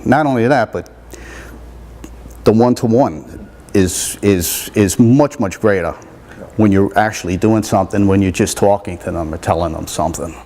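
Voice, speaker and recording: A man's voice: lowish voice, normal speed, dark tone. A man from a community service speaking plainly and sincerely in an interview.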